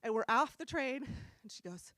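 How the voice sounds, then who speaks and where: A middle-aged woman from New Jersey preaching in a church room, telling stories in a casual, animated way and laughing often. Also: sits high, normal speed, no room sound. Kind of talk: casual storytelling sermon.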